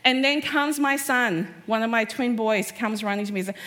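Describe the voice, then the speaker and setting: A woman in her forties giving a personal storytelling talk to a live audience, lively, acting out the voices of people in her stories. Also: a little high, moderate pace, few pauses. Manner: animated, acts out quoted voices. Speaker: speaker at a live event. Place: stage before a live audience.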